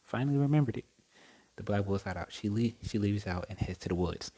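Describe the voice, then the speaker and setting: Young guy w a deep voice telling a story, lots of um and uh, keeps restarting. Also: fairly even intonation, fairly quick, warm tone, slight background noise, low-quality recording. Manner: rambling, with many fillers and self-corrections. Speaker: storyteller retelling a fan scenario. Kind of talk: casual spoken retelling.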